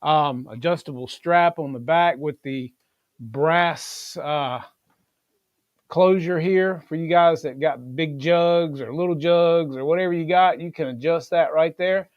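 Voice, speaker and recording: A man's voice: fairly high pitch, unhurried, dry recording, dull audio. A middle-aged man hosts a casual livestream, talking in an earnest, rambling way full of fillers. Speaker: livestream host.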